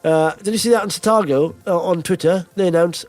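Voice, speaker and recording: A man with a voice a little higher than most, telling jokes and rambling through casual podcast chat. Faint music sits behind him. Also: fairly quick, few pauses, darkish tone. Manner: rambling, jokey, full of fillers. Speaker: podcast host.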